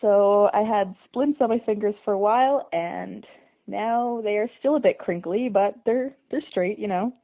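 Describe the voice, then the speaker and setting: A young woman tells a personal story in a casual, animated way, poking fun at herself. Her voice sits in the middle range. The sound is thin and narrow, like a phone line. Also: mid-range voice, moderate pace. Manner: animated, self-mocking retelling with dramatic quoted voices. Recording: tinny phone-like audio.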